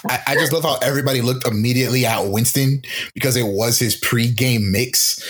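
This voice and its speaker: A man co-hosting a casual podcast, riffing jokingly in rambling bits with a husky voice. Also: medium pitch, fairly quick, a bit bright. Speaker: podcast co-host. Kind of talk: casual recap chat.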